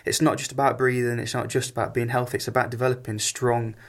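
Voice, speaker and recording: A man's voice: mid-range voice, level tone, quick pace. A man, a singer, giving instructive answers about vocal technique in a casual interview. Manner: explanatory, instructive, hesitant fillers. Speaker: singer and vocal coach guest.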